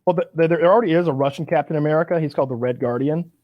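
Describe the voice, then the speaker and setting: A man hosting a casual podcast chat, telling stories in an animated way with frequent restarts. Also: a little high, very fast, no echo, highs cut off. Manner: animated storyteller, lots of restarts. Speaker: podcast host.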